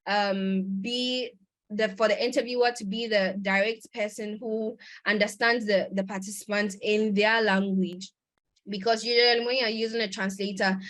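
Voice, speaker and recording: A woman presenting a conference lecture over a video call, talking in a conversational way with fillers and restarts. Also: medium pitch.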